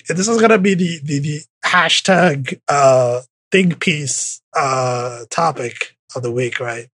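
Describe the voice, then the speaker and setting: A man hosting a casual podcast chat, talking in halting bursts full of filler words. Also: medium pitch, fairly bright tone, slightly rough, no echo. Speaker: podcast host.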